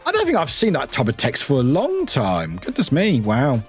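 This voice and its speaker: A man from the UK, streaming and chatting casually, reading chat aloud, lively and swearing freely. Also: medium pitch, normal speed, faint music behind. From United Kingdom.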